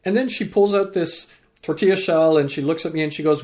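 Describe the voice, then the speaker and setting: A man guest on a podcast, a teacher and speaker, telling a story with lively acted-out dialogue. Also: on the high side, quick pace. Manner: animated, acts out quoted dialogue. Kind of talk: storytelling in an interview.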